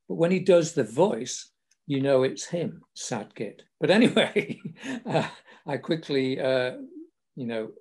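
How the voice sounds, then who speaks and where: Here is a husky, darkish male voice sitting on the high side. It belongs to an older English podcast host who tells wry stories casually, with a self-deprecating sense of humour.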